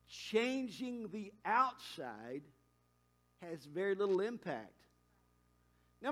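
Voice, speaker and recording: Male pastor, high voice, conversational sermon with emphatic rises. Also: a bit bright. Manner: conversational preaching, quick asides and emphatic climbs.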